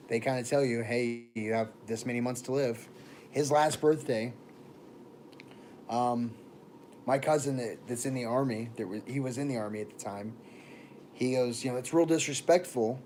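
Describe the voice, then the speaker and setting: On a livestream with a faint hum running underneath, a young man raised in Florida after being born in Texas rambles through stories and says hi to viewers by name. His voice sits in an ordinary middle range with a darkish tone.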